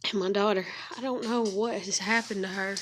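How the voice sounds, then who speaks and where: A woman filming a personal vlog at home, talking softly and soothingly to her dogs between telling her story. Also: medium pitch, steady tone, brisk, noisy background. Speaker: vlogger. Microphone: handheld camera. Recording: dog panting and clicks in background.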